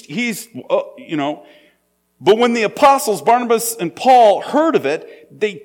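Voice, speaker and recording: A man preaching a sermon in a conversational, storytelling way. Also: high voice. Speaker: pastor.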